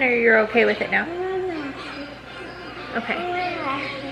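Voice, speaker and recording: A woman's voice: fairly high pitch, lively intonation, normal speed, pauses often, music in the background, a crowd in the background, rough recording. A sick woman with a congested voice, chatting casually and rambling through a home vlog. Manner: tired, rambling, many likes and restarts. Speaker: vlogger.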